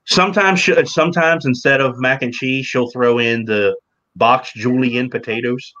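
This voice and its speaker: A man's voice: medium pitch, normal speed, sharp tone. Male host, easygoing livestream chat, laughs easily, muffled video-call audio. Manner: reads out viewer comments, laughs easily.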